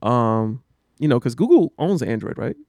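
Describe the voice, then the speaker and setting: A man hosting a casual podcast chat, animated and slangy, laughing often. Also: mid-range voice, normal speed, no room sound, clean studio sound. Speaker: podcast host.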